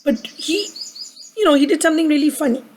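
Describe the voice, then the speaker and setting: A woman's voice: high-pitched, a little fast, a little mellow, a little hiss or hum, poor audio. A woman with a sore throat reading a picture book aloud to children, asking them to repeat words with her. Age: adult with a daughter. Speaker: storyteller for children.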